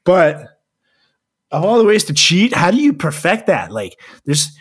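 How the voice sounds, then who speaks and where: A man's voice: high-pitched, very animated, a little slow, husky. A man co-hosting a podcast, chatting casually with crude jokes and frequent laughter. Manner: joking, crude, laughs often. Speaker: podcast co-host. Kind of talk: casual podcast chat with a read ad.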